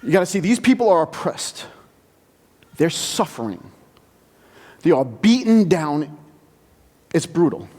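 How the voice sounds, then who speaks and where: A man preaching a sermon, telling the story in an animated, conversational way. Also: a little high, a little slow, long pauses, big-room sound. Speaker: pastor. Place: church sanctuary.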